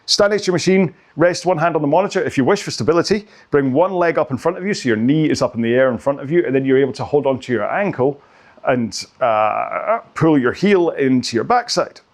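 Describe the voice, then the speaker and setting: A man's voice: fairly high pitch, expressive, a little fast. A middle-aged man, leading a rowing workout's stretches in a chatty, rambling way with giggly asides, in a home studio. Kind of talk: casual follow-along coaching.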